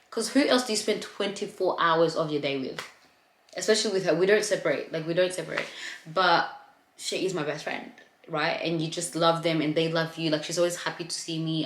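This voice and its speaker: A woman's voice: deep voice, steady tone, normal speed, fairly bright tone, slight background noise. A young woman vlogging about her postpartum experience in a candid, chatty way, talking straight to her viewers. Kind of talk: casual chat to camera. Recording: echoey room.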